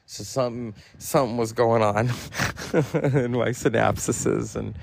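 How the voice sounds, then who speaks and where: A man's voice: medium pitch, fairly even intonation, slow, creaky, slight background noise, low-quality recording. A man in his forties hosting a podcast, telling casual personal stories in a rambling, profane way with lots of fillers. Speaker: podcast host.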